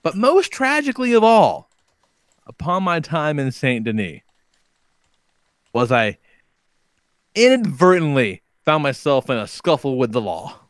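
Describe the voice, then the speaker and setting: Man, podcast host, casual storytelling, lively pitch, dry close sound. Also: unhurried, pauses often, dry recording. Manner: animated storyteller, swears, acts out quotes. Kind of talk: casual chat.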